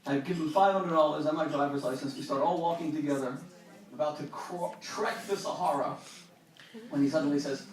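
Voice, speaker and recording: A man with a high voice, telling a comic story live on a club stage. His delivery is lively and bounces between characters. The sound is very echoey, picked up from some distance. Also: brisk. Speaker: rabbi doing stand-up. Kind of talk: stand-up comedy storytelling.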